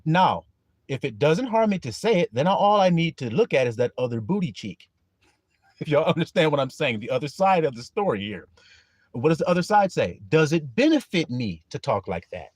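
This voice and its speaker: A man preaching a livestreamed sermon in a folksy, animated way, calling on his listeners and laughing often. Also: on the high side, no room sound, studio quality.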